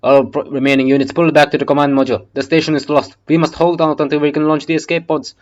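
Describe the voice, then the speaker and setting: A man voicing a male captain loudly ordering a retreat over the radio. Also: a little high, little pitch movement, quick pace, muffled recording, pitched above the performer's own voice, lightly acted. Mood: urgent. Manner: loud, commanding.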